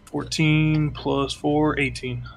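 A man's voice: on the high side, little pitch movement, slow pace, gravelly, music in the background. A man playing a tabletop game, talking casually, swearing freely and working through the rules aloud. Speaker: player.

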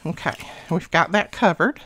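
A chatty woman walks viewers through a paper craft, talking as she cuts and glues. Her voice sits a little low, and she sounds slightly out of breath. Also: normal speed, fairly bright tone. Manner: chatty, talks to viewers while working. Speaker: craft channel host. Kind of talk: casual craft tutorial.

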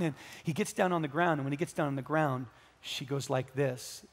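A male pastor with a Southern Californian accent preaching a sermon in a large church, swinging between loud, fervent stretches and soft, hushed ones. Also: fairly high pitch, normal speed. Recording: echoey church hall with long reverb.

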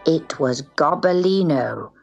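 A woman narrating a children's storybook in a soft, often half-whispered, husky voice. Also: sits low, expressive, slow pace, muffled recording, over music.

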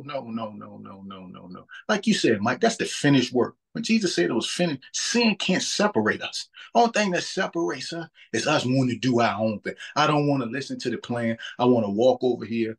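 A man in his thirties with a husky voice speaks in an ordinary middle pitch. He talks about faith in a casual, earnest way. He often restarts and repeats words as he works out a thought. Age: 30s.

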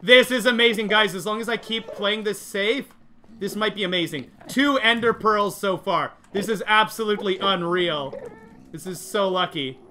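A high-voiced man narrates a live game stream, swinging between nervous worry and excitable cheering as he addresses his chat. Steady background noise sits under his voice throughout the recording. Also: normal speed. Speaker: gaming livestreamer. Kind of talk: live gameplay commentary.

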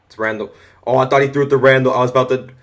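Teen guy playing football game at home, talks to himself a lot, mid pitch, gets hyped fast. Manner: chatty, easily excited, mutters to himself. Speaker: gaming commentator. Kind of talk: casual gameplay commentary. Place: home room.

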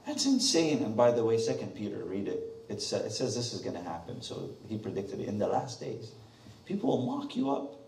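A male pastor preaching a sermon, animated and questioning the congregation. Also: on the low side, fairly quick, gravelly, roomy sound, far from the mic. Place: church sanctuary.

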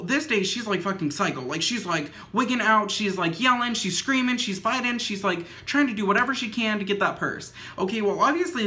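Bright young woman rambling through a story. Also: mid-range voice. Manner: says "like" constantly, swears freely; animated retelling with acted quotes. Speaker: vlogger. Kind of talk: casual storytime.

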